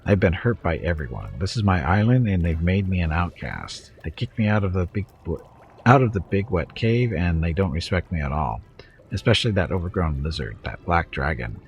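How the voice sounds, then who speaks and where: A man's voice: low voice, animated, moderate pace, dull audio, slight background noise. A man voicing a petulant, self-pitying female demon queen who whines and tries to sound flirtatious, with a gurgling, purring voice. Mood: whining. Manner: whiny, petulant, falsely flirtatious.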